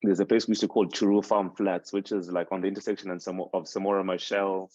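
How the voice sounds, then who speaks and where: Low-voiced man with Shona roots, dull dry sound. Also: level tone, fast, darkish tone, dry recording. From Zimbabwe. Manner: reflective, rambling with frequent restarts and fillers. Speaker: podcast host interviewed as guest. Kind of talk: casual podcast interview.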